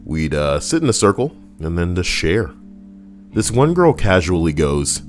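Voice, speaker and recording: Lively, low-voiced male streamer riffing. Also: measured pace, soft background music. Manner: animated, profane, jokey asides. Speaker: streamer reading viewer stories. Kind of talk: livestream reading with comic riffing.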